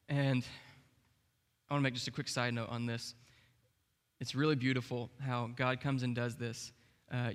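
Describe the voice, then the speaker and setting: A man's voice: mid-range voice, fairly bright tone. Young man preaching in an echoing hall. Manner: casual, conversational preaching with fillers. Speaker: pastor. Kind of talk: sermon. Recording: long reverb of a large hall.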